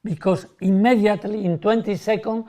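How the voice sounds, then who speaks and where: A man, a magician, explaining a card trick in lively, broken English and acting out how spectators react. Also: high-pitched, a little fast.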